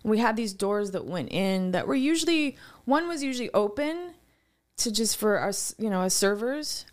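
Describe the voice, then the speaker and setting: A woman co-hosting a podcast, telling animated, rambling anecdotes in casual chat. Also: medium pitch, normal speed. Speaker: podcast co-host.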